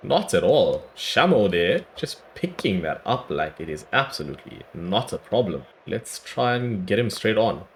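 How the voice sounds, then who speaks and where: A man with a hoarse, worn-out voice giving chatty play-by-play commentary on his own cricket video game, breaking into excited cries at big moments. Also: lowish voice, normal speed, hardly any pauses, slight background noise. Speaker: gaming YouTuber. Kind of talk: casual play-by-play gameplay commentary.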